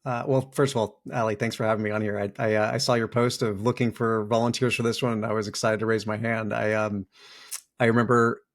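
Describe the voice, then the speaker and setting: A man's voice: on the low side, fast. A middle-aged man with a mid-range voice talks as a podcast guest, thoughtful and open. He tells his stories with energy and slips into playful voices when quoting people. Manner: animated storytelling with playful acted-out quotes. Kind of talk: reflective interview talk.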